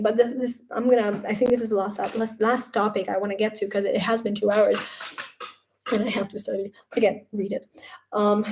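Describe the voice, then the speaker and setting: A young woman chatting casually on a live stream from home, rambling and animated when quoting others. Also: medium pitch.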